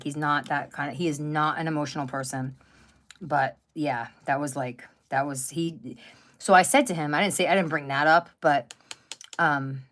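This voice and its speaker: This craft channel host, a woman in her fifties, has a deep voice with a fairly bright tone. She chats casually on a live stream at home near a wood stove. Her storytelling wanders, with lots of fillers and restarts.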